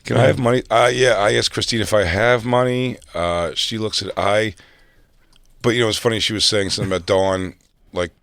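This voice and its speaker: A low-voiced man hosting a podcast, rambling through self-mocking stories in loose comedic chat. His sound is dry and close to the mic. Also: moderate pace, fairly bright tone, no room sound.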